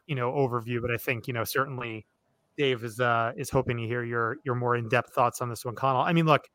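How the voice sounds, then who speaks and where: A man's voice: mid-range voice, fairly bright tone, no room sound. A man hosting a podcast, talking things through analytically in casual chat with plenty of fillers and restarts. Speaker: podcast host.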